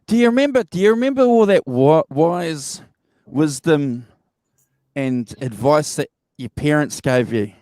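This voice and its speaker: Male host, playful and lively, higher register, dry close sound. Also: unhurried, no echo. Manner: jokey, animated, laughs often. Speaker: show host. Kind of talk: casual livestream chat.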